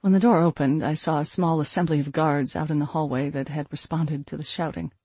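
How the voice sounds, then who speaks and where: A man reading a first-person fantasy novel aloud in a steady storytelling voice. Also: a little high, fairly quick, breathy edge, no echo. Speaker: audiobook narrator.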